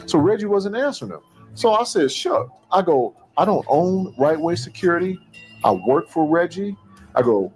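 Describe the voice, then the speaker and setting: A man's voice: a little high, normal speed, soft background music, rough recording. A man telling a story from his own past, acting out what others said to him. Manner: animated retelling, acting out quoted dialogue. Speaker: interviewee recounting events. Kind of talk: storytelling interview clip.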